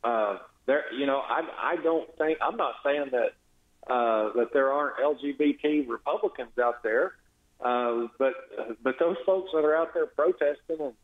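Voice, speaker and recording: A man's voice: mid-range voice, a little slow. A man, a state legislator, giving a blunt, sarcastic and exasperated phone-in radio interview. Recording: tinny echoey phone line.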